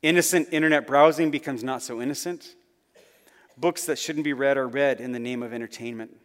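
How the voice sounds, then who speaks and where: A man preaching a sermon as a pastor, earnest, his phrases rising and then falling to soft, low endings. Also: brisk, long reverb tail.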